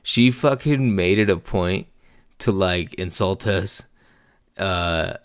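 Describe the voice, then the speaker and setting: A man's voice: low voice, slow, clean tone, dry recording, studio quality. A man in his forties telling a rambling, profane bar story in a casual way. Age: 40s. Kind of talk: casual anecdote.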